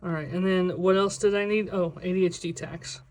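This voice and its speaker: A budgeting video creator in a casual vlog, talking to themself while counting cash aloud, sometimes slipping into a drawn-out sing-song cadence. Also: mid-range voice, steady tone, a little mellow. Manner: chatty self-talk, counting money aloud.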